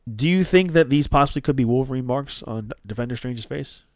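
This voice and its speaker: A man's voice: mid-range voice, fairly quick, darkish tone, no room sound, studio quality. A man, co-hosting a podcast and telling a rambling, profane story full of restarts. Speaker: podcast co-host.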